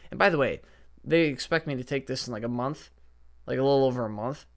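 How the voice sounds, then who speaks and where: A man's voice: mid-range voice, fast. A young man hosting a casual solo podcast from a basement at home, rambling and cursing in an exasperated way into his podcast microphone. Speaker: podcast host. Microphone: podcast setup microphone.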